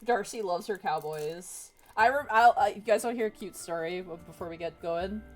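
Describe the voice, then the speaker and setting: A woman hosting a live stream, telling friends lively casual stories, laughing often and swearing freely. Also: medium pitch, fairly quick, faint music behind. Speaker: streamer host. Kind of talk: casual chat before a tabletop game.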